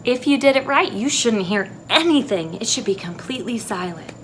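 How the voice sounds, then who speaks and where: A woman music teacher recording a video lesson for young children in an empty classroom, speaking slowly and clearly. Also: a little high, lively intonation, a little hiss or hum. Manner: slow, clear teacher talk to young kids.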